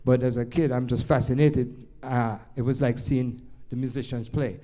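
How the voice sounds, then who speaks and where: Older Jamaican man, warm mellow tone, loose rambling storyteller, speaking to a live audience. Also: medium pitch, moderate pace. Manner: rambling, animated anecdotes with many restarts. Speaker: jazz pianist and storyteller.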